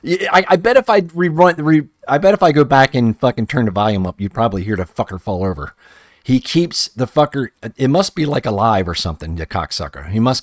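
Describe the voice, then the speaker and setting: A man with a fairly low voice rambles profanely through a casual live stream, hopping between thoughts and restarting sentences as he paints a figure. The sound is dry and close, with almost no room echo.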